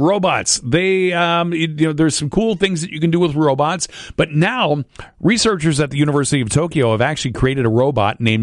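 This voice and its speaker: A man's voice: a little high, dry recording, clean studio sound. A man hosting a radio show, chatting casually and joking, with rambling restarts. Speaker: radio morning show host. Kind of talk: casual on-air chat.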